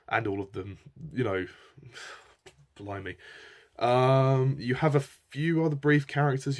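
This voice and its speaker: A man talks through a film review in a relaxed, off-the-cuff way. His voice sits a little low, and his enthusiasm keeps spilling into rambling, stop-start sentences. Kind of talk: casual spoken film review.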